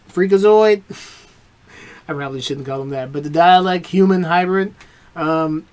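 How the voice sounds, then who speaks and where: High-voiced man giving a rambling review. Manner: rambling, hesitant, many fillers and restarts. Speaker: reaction video host. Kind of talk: casual spoken review.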